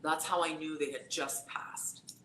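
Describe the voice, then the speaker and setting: Woman, bright voice, chatty storyteller, echoey room with faint background hum. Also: sits low, steady tone, a little slow. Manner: chatty storytelling, many fillers. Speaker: psychic tarot reader. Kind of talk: casual live-stream conversation. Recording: roomy echo with faint background noise.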